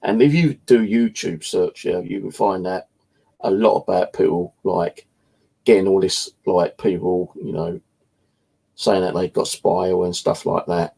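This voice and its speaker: A man's voice: sits low, steady tone, measured pace, creaky, dark tone, husky, low-quality recording. A British man telling a story in a casual, blunt way, swearing freely as he talks. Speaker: channel host.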